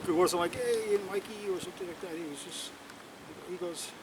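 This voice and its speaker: A man's voice: high voice, level tone, a little fast. A man telling a long story in a rambling, casual way, with lots of "you know" and restarts, outdoors at night. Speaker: interviewee telling a local story. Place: outdoors at night near a bonfire. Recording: distant mic, loud wind and outdoor noise.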